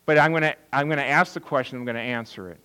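A man's voice: medium pitch, fast talker, bright, forceful tone, clean tone, poor audio. A middle-aged man, a pastor, giving a conversational sermon, asking questions and answering them himself. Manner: conversational preaching, asks and answers his own questions.

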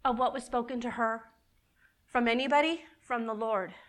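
Bright, animated woman preaching. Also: on the high side, moderate pace. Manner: animated and emotional, repeats key words. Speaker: women's ministry speaker. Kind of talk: sermon.

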